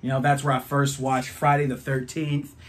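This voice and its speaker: A man's voice: medium pitch, monotone, normal speed. A man in his thirties reviewing albums, telling a rambling, profane story in a casual vlog.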